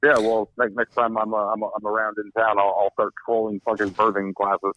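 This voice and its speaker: A man's voice: on the low side, flat delivery, fairly quick, dry recording, lo-fi sound. A man co-hosting a podcast, chatting hesitantly with repeated words. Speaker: podcast co-host. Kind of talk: casual banter.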